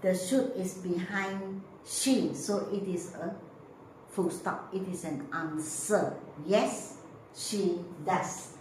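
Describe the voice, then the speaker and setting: A woman's voice: fairly low pitch, a little mellow. Woman teacher, patient and repetitive, in a heavily echoing room with faint background noise. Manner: slow, patient, repeats drill phrases. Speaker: English teacher. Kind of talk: grammar lesson explanation. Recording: echoey room, voice from mic distance.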